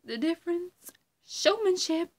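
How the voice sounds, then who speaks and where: A woman's voice: very high-pitched, lively intonation, measured pace, voice pushed up. A woman doing a hammy gloating riddling supervillain. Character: theatrical male riddling supervillain, smug and unhinged.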